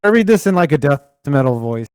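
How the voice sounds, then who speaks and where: A man's voice: on the high side, sing-song, fast talker, darkish tone, smooth. A man co-hosting a podcast in casual chat, joking and riffing with plenty of profanity. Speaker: podcast co-host.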